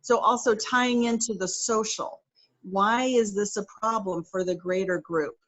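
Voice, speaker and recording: A woman's voice: medium pitch, fairly even intonation, measured pace. A middle-aged woman occupational therapist explaining in an interview, chatty and practical, working through step-by-step examples with frequent fillers.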